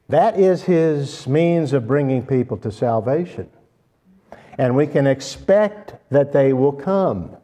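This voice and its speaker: A man preaching a sermon, speaking slowly and deliberately and stressing key words. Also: fairly high pitch, warm tone.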